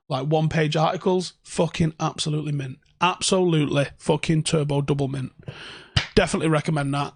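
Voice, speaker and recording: A young man rants through a casual livestream from his home. He swears freely and talks sarcastically. His voice sits a little higher than most men's. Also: vocal fry, slightly rough, dry recording, clean studio sound. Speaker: fan channel host.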